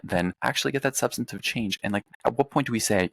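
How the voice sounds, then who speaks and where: A young man from the United States talks quickly and forcefully, stacking points with casual profanity. His voice is low with a gravelly edge. The sound is dry and close. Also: no echo. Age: young adult. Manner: fast, profane, emphatic ranting. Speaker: podcast host. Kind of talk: casual political chat.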